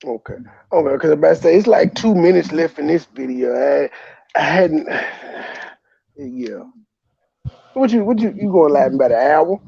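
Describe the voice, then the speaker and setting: A man's voice: a little high, expressive, moderate pace, vocal fry, pauses often, warm tone, husky, no echo. A man hosting a casual commentary livestream, rambling and stammering with a joking manner. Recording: dull lo-fi stream audio, dry.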